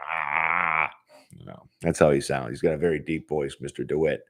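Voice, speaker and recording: A man's voice: a bass voice, steady tone, moderate pace, gravelly, fairly bright tone. A man in his forties hosting a casual solo podcast from his home office, rambling and swearing freely, laughing often. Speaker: podcast host.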